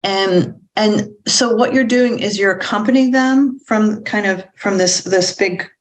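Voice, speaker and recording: A woman giving an informal spoken lecture on parenting, talking in halting bursts with frequent restarts and acting out what children and parents say. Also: mid-range voice, poor audio. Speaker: parenting educator.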